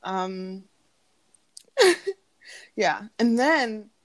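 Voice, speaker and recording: A young woman chatting casually as a podcast co-host, laughing often and full of fillers. Her pitch sits in the middle of the range. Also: very slow. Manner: giggly, animated, lots of fillers, acts out quotes in a high voice. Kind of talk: casual chat.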